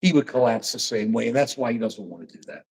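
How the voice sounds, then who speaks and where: A man co-hosting a political livestream in casual chat, talking in an animated, rambling way and often handing the floor back. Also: mid-range voice, fast talker. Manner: animated, rambling, keeps apologizing and handing over.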